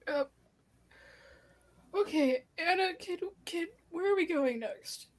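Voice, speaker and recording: A woman's voice: very high voice, slow pace. A woman playing in a tabletop game, chatting in a whiny, playfully dramatic way. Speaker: player. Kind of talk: casual chat.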